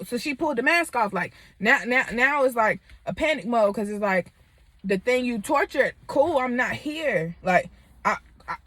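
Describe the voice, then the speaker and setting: A woman in her twenties tells a personal story straight to the camera. She is candid and animated, with plenty of fillers. Her voice sits a little high, and the recording is dry and close. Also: dry recording. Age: 20s. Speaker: vlogger.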